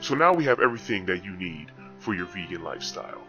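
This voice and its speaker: A man doing a smooth grocery ad announcer. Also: low voice, very animated, fairly bright tone, voice pushed down, heavily acted. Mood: salesy. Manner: slow, salesy, drawn-out words. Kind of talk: mock commercial voice-over. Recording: dull lo-fi sound with music.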